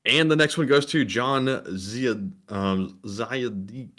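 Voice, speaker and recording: A man's voice: medium pitch, slow pace, a bit bright. A man co-hosting a livestream, reading out donor names and messages and sometimes stumbling over names. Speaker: co-host reading donations.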